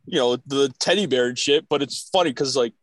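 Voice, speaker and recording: A man's voice: medium pitch, fairly quick, a bit bright, no echo. Easygoing young man in a dry room. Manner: easygoing, swearing, amused. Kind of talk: casual storytelling chat.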